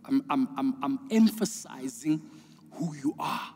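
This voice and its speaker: A man preaching a sermon as pastor. He speaks emphatically, repeats words, and swings between hushed lines and urgent preaching. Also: medium pitch, animated, a little slow, a little hiss or hum. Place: church auditorium. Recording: long reverb of a large hall.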